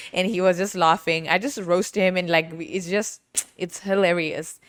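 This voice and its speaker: Woman, podcast host, casual storytelling, playful, lowish pitch, dry close sound. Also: a little slow, a bit bright, no room sound. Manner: chatty, laughs often, playful roasting.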